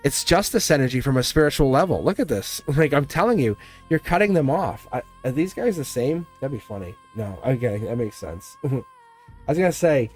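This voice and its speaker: A man's voice: mid-range voice, animated, a little fast, a little mellow, faint music behind. Laughing blunt Boston man. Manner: casual and blunt, laughs often, swears. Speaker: tarot reader. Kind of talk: live-stream tarot reading.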